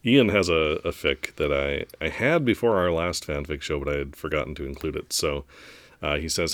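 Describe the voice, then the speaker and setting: A man hosting a casual podcast, reading listener fan fiction aloud in a relaxed, self-deprecating way. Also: extremely low pitch, moderate pace, dry recording. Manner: laid-back, self-deprecating, chuckles easily. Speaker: podcast host.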